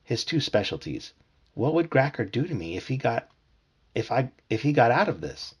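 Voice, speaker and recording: A man's voice: medium pitch, normal speed, breathy edge. A man reading a children's book aloud to his family, telling it expressively. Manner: expressive storytelling.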